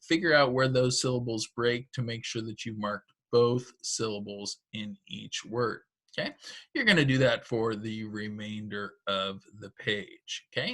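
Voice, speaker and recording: A man's voice: medium pitch, sharp tone. A male teacher giving patient, step-by-step instructions in a recorded phonics lesson for children and their parents.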